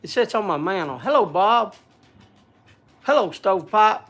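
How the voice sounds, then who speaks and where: A man's voice: high-pitched, expressive, normal speed, a bit bright. A man hosting a casual livestream from a log cabin, chatting and greeting viewers by name. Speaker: livestream host.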